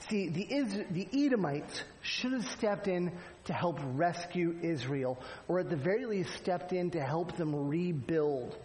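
A man's voice: sits high, darkish tone, long reverb tail, slight background noise, low-quality recording. A man preaching a sermon in a conversational way, with frequent rhetorical asides to the congregation. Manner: conversational preaching, frequent "right?" asides, acts out quoted lines. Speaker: pastor.

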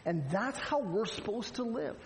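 A man's voice: very high-pitched, lively intonation, normal speed, creaky, in a large hall, poor audio. A man preaching a sermon in a conversational way, with frequent rhetorical asides to the congregation. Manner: conversational preaching, frequent "right?" asides, acts out quoted lines. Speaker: pastor.

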